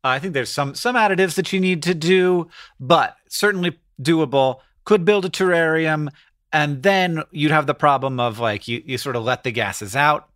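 A man with a somewhat high voice co-hosts a casual podcast. He talks through ideas in a rambling, excitable way, full of "like" and restarts, and he is recorded on a podcast mic. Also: normal speed, no echo, studio quality. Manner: rambling, excitable explainer with many fillers. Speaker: podcast co-host. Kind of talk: casual chat.

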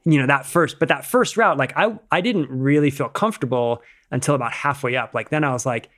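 Guy on a podcast telling climbing stories, says like a lot, cusses, laughs, middle pitch, easy rambly delivery. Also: brisk. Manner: animated, swears freely, laughs while telling stories; loose, rambling phrasing full of "like". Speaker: podcast guest, rock climber. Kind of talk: casual storytelling chat.

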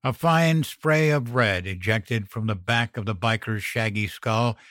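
A man reads a dark first-person horror tale in a low voice, taking his time over every line. His delivery is measured and grim. The sound is dry and close to the mic. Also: dry recording. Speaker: narrator.

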